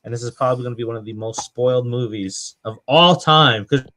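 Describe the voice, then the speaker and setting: Male host at mid pitch, relaxed and speculative, casual movie talk. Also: brisk. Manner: relaxed, speculative, wraps things up. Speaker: podcast host.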